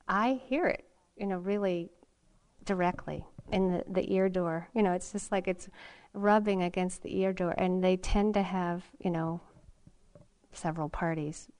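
A woman's voice: fairly low pitch, fairly even intonation, smooth. Reflective woman giving a meditation talk. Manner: unhurried and reflective, with frequent ums and soft laughs. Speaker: meditation teacher. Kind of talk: dharma talk. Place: meditation retreat hall.

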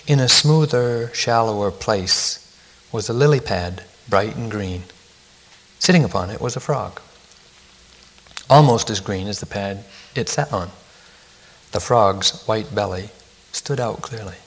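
A man who teaches meditation, reading a children's story aloud in a gentle, measured way at a retreat center. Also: on the low side. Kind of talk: storytelling in a dharma talk.

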